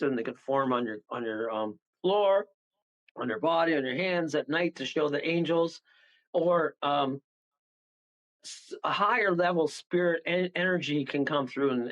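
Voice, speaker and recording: High-voiced man telling wild stories. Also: moderate pace, low-quality recording. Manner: rambling, animated, laughs mid-story. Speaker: paranormal guest. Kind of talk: casual storytelling on a radio show.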